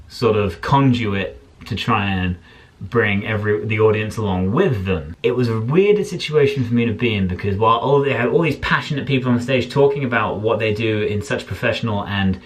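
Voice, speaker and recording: A man's voice: fairly low pitch, normal speed. A man, host of a casual vlog, joking and sarcastic as he narrates his night. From Isle of Wight, England. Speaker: vlogger and event host.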